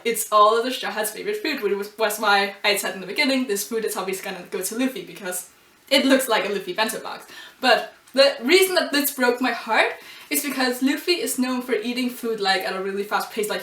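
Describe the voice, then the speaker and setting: A woman's voice: mid-range voice, fairly bright tone. A woman reviewing a comic chapter in a casual video, gushing and emotional, with many ums and laughs. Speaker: anime and manga reviewer. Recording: roomy and distant from the mic.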